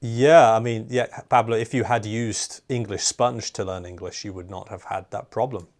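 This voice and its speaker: A man's voice: fairly low pitch, fairly even intonation, moderate pace, darkish tone. A man hosting an interview in a chatty, casual way, full of "like" and "you know". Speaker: interview host. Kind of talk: conversational interview.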